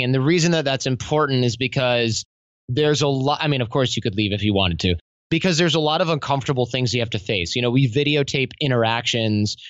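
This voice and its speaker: A man talks as a guest on a podcast, telling lively stories and acting out what other people said. His voice sits in the middle of the male range. The recording is dry and a little muffled. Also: mid-range voice, dry recording. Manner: animated storytelling, acts out quotes in other voices. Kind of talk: conversational interview.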